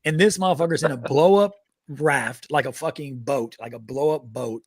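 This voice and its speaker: On the podcast he co-hosts, this thirtysomething army veteran tells lively, profane anecdotes and laughs a lot. He talks at a normal speed in a medium-pitched voice, on a dry recording.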